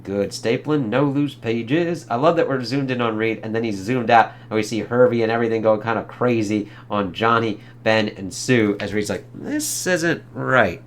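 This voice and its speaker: A man's voice: on the low side, steady tone, moderate pace, few pauses. A man giving a casual comic read-along review, laid-back, laughing and swearing as he goes.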